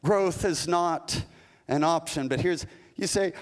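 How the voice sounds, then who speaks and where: A male pastor delivering a folksy, animated sermon, acting out little asides as he goes. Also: a little high, slow. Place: church sanctuary. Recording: long reverb of a large hall.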